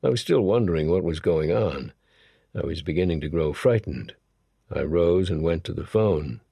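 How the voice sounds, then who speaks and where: A man's voice: deep voice, animated, moderate pace, creaky, warm tone, breathy edge, no echo, studio quality. A man narrating an audiobook in the first person, with a wry, nervous storytelling manner.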